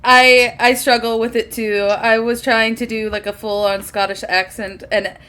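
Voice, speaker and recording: A woman's voice: on the high side, level tone, normal speed, pushed and bright. A woman, a game master, chattily narrating a tabletop game.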